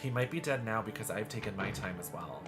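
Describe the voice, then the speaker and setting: A man's voice: on the low side, animated, quick pace. A man streaming a horror game live, chatting in a gushing, campy way as he plays. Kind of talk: live gameplay commentary. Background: game music.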